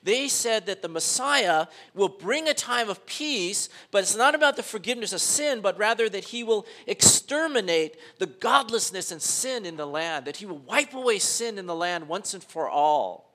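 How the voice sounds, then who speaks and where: Bright, high-voiced male pastor preaching. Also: animated, moderate pace, few pauses. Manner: conversational preaching with frequent fillers and restarts. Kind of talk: sermon.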